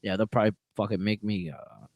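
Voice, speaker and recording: A man who works as a prison sergeant, chatting casually on a podcast and telling profane stories with big swings between loud and quiet. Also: on the low side, flat delivery, fast, dry recording, muffled recording. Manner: profane storytelling with swings in loudness.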